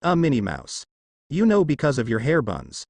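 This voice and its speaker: A man's voice: medium pitch, huge pitch swings, moderate pace, vocal fry, darkish tone, breathy edge, dry recording, heavily acted. A man voicing a cheerful, clueless teenage boy ninja, eager and earnest, close to his own voice.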